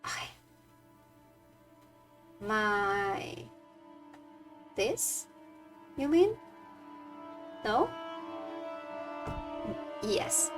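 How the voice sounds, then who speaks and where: A woman's voice: on the high side, sing-song, takes it slowly, pauses often, soft background music. Woman streamer with a strained voice. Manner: reads game text aloud, chatty asides. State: strained tired voice. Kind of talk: let's play commentary.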